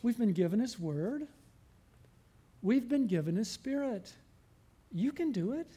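A man's voice: very high-pitched, expressive, a little slow, mellow, husky. A man preaching a sermon as pastor, earnest and pleading, often asking his listeners questions and building to fervent appeals.

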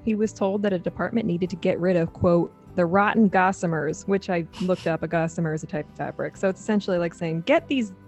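A woman's voice: fairly low pitch, steady tone, fast, few pauses, mellow, soft background music. A young adult woman co-hosting a podcast in casual chat, laughing often. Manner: chatty, laughs often, reads quotes aloud dramatically. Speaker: podcast co-host.

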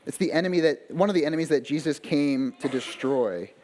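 A man's voice: fairly high pitch, brisk, a little mellow, slight background noise. A male pastor preaching a sermon in a conversational style, full of asides and rhetorical questions.

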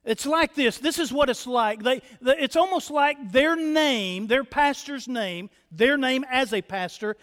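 A man's voice: very high-pitched, unhurried, hardly any pauses, fairly bright tone. A male pastor preaching a sermon from the pulpit, emphatic, repeating key phrases and speaking straight to the congregation. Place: church sanctuary. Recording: long church reverb.

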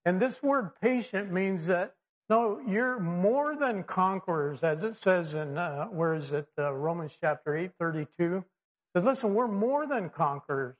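Male preacher, casual sermon, fillers and restarts, higher voice, dull recording. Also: a little slow. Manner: conversational with many fillers and restarts; lively, acts out quoted voices. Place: church or classroom with slides. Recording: dull lo-fi sound.

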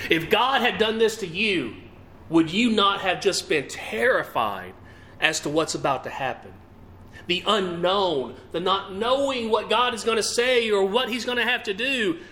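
A man's voice: high-pitched, expressive, unhurried, bright, forceful tone, slight background noise. A man preaching a sermon to a congregation, asking them questions and reading scripture with emphatic, rising and falling delivery.

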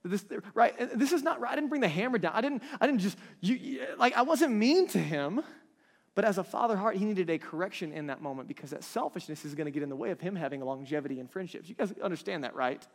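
A man's voice: high voice, lively intonation, fast talker, hardly any pauses. A man in his thirties preaching a conversational sermon, often checking in with his listeners. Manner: conversational, keeps checking in with the crowd. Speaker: pastor. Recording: long reverb of a large hall.

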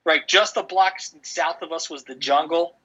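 A man's voice: fairly high pitch, fairly even intonation, normal speed, pushed and bright, slightly rough. A middle-aged man chatting casually on a podcast, telling rambling stories full of restarts and "dude". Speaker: podcast co-host. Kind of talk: casual chat. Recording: dull lo-fi audio.

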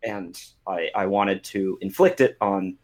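A man's voice: deep voice, measured pace. A man co-hosting a podcast, rambling through his thoughts with a self-mocking tone and plenty of fillers. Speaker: podcast co-host. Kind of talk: casual chat among friends.

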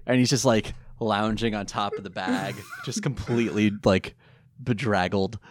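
A man's voice: lowish voice, moderate pace, a little hiss or hum. A man co-hosting a podcast who recaps episodes in casual, comedic chat, riffing animatedly and laughing easily. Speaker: podcast co-host.

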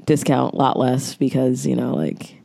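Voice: medium pitch, flat delivery, a little slow, gravelly, mellow, no room sound. A podcast co-host, telling stories in casual, slangy chat and laughing often. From New York. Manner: laid-back storytelling, slangy, laughs often.

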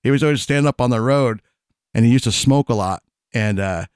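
A man's voice: mid-range voice, brisk, a little mellow, smooth, no room sound, clean studio sound. A man in casual chat, telling long rambling stories full of fillers and restarts, laughing as he goes. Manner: rambling storyteller, many fillers and restarts, laughs mid-sentence.

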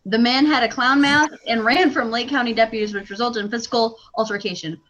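A woman co-hosting a podcast in casual comedic chat, reacting quickly and laughing often. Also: fairly high pitch, steady tone, a bit bright, highs cut off, a little hiss or hum. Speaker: podcast co-host.

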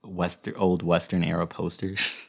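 A man's voice: sits low, level tone, a little slow, gravelly, slightly rough. A man hosting a podcast, telling stories in a casual, rambling way with frequent restarts. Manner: rambling, self-interrupting storyteller with frequent restarts. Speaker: podcast host.

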